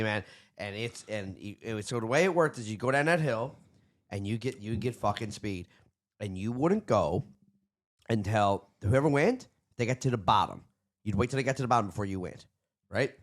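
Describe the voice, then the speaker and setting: A middle-aged man with a Newfoundland accent telling a story in casual chat, swearing often and restarting his sentences. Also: fairly low pitch. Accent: Newfoundland English. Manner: profane, animated, rambling with many restarts. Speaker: podcast guest.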